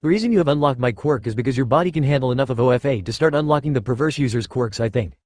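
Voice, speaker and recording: A man reading the lines of a confident male spirit of a past hero in a flat, quick storybook voice. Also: medium pitch, no echo, clean studio sound, close to an everyday voice.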